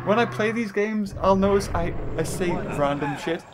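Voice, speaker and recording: A man giving rambling, excitable gameplay commentary as a let's play host, often laughing and shouting at the game. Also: high voice, normal speed, background noise. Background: game music.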